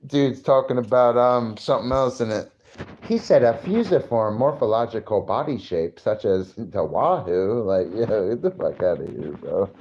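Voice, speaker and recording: A man's voice: on the low side, animated, moderate pace, darkish tone, muffled recording, slight background noise. A tipsy man rambling in a profane, boastful way and laughing at himself as he mixes fish science with street slang. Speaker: fishing vlogger. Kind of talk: casual rambling monologue.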